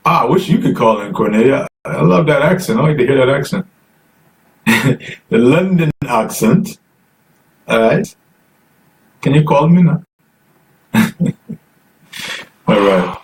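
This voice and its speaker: A man hosting a live call-in stream, chatty and coaxing viewers to phone in while reading comments aloud. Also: medium pitch. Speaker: host. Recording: distant mic, faint noise.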